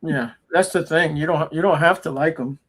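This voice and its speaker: A man in a casual livestream chat, speaking with firm conviction and little doubt. His voice sits a bit high. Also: normal speed, a bit bright, slightly rough. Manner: confident, opinionated about religion. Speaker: livestream co-host.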